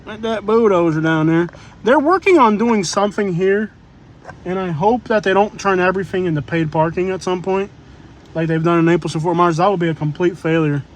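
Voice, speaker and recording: High-voiced man rambling on a livestream. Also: brisk, slight background noise. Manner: rambling, joking, chatty asides to viewers. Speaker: live-stream vlogger. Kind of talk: casual live-stream chat.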